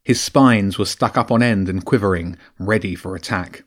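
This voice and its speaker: A man narrating a children's adventure audiobook with a lively, expressive reading. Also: low voice, moderate pace. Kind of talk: storybook narration.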